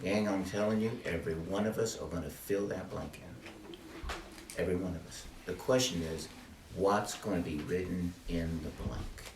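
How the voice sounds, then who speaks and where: A man's voice: deep voice, moderate pace, a little mellow, reverberant, far from the mic, slight background noise. An older man giving a testimony talk to a small group, earnest and preacherly, repeating his key phrases. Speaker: ministry speaker.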